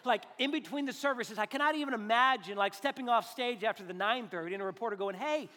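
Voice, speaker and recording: A pastor with a notably high voice preaches a sermon in a loose, joking, conversational way, slipping into other people's voices to make his points. His voice rings out in a church sanctuary with a long, lingering hall reverb. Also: quick pace, sharp tone. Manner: joking, conversational, acts out quotes.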